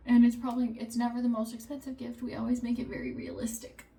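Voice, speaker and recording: A woman in her thirties, a mother of three, chatting casually to camera and telling family stories with animated quoted lines. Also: on the high side, quick pace, distant mic.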